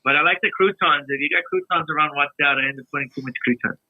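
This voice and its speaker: A man, a podcast guest, chatting casually in a relaxed way with many restarts. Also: a little high, fast talker, no echo. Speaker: podcast guest, musician and video maker. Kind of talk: casual chat. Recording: tinny phone-line sound.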